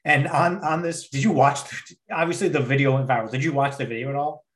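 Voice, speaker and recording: A man's voice: mid-range voice, steady tone, quick pace. A man co-hosting a podcast, ranting heatedly in casual chat with lots of swearing. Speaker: podcast co-host.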